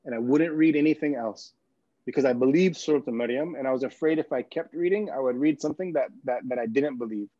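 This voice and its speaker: Laughing, mellow-voiced man. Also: medium pitch, fast, no echo. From California. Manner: humorous, laughs often, repeats words. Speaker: guest. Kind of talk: personal storytelling in a talk. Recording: dull, dry lo-fi sound.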